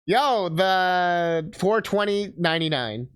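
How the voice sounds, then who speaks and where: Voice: medium pitch, expressive, slow pace. A streamer giving casual, crude, joking commentary while watching game videos.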